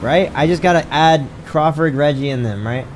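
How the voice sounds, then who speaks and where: This fairly high-pitched man streams himself gaming at a moderate pace, talking to chat and reading menus as he goes. He's excitable, swears a lot, and yelps whenever he's caught off guard. The audio is low quality, with a bit of hiss or hum.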